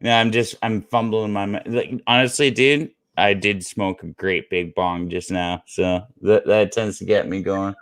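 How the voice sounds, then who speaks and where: Low, laid-back man. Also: steady tone, measured pace, few pauses, a bit bright, no echo, studio quality. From Canada. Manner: laid-back, laughing, easygoing. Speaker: guest co-host. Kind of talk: casual chat.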